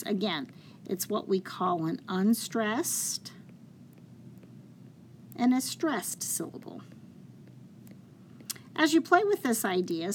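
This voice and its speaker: Slow-speaking patient woman teacher. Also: mid-range voice, slight background noise. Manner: patient, explains step by step, counts syllables aloud slowly. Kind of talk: classroom lesson on poetry.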